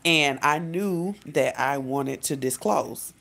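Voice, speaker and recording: A woman life coach giving casual advice in a vlog, talking directly to her viewers in a relaxed, conversational way. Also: low-pitched, slow, gravelly. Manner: conversational, speaks straight to viewers, acts out quotes.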